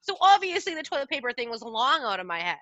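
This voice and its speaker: A giggly woman joins a comedy game, telling her side with lively swings in pitch. Her voice is bright and a little high. The room is dry. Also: fast talker, no room sound, muffled recording. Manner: giggly, animated storytelling. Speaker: podcast co-host and game player. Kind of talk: casual comedic banter.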